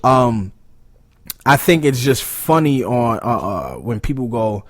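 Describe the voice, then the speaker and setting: A young man, a rapper as a podcast guest, talking casually, bluntly and with animated swearing. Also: medium pitch, takes it slowly.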